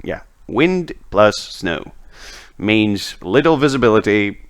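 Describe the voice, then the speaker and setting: A man narrating a tabletop game as game master, chatty and relaxed, laughing often. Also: on the low side, slow pace. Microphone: home microphone, online session.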